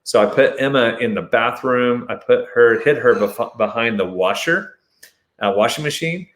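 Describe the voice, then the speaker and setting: A man hosting his show, telling a personal story as a monologue and acting out shouted lines with sudden high jumps. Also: moderate pace, roomy sound, a little hiss or hum.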